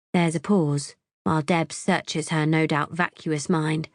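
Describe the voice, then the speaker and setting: A woman's voice: deep voice, little pitch movement, unhurried, dry recording, clean studio sound. A woman narrating a psychological thriller audiobook in the first person, wry and tense.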